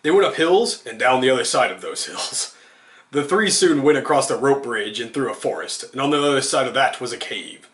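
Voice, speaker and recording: A man's voice: medium pitch, lively intonation, a little fast, a bit bright. Man reading a comic story in an echoey room. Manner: giggles while reading, amused. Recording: roomy echo.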